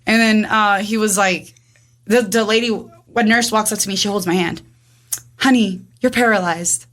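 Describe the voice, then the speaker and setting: A woman in her twenties telling her own story in casual chat, rapid and animated, acting out what everyone said with lots of "like". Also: medium pitch. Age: 20s. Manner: rapid, animated, acts out dialogue with frequent "like". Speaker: guest.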